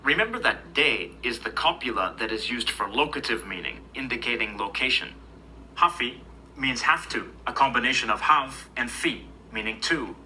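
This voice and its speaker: Bright-voiced man narrating a language lesson. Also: mid-range voice, moderate pace, a little hiss or hum, low-quality recording. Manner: even, explanatory. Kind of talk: scripted educational narration.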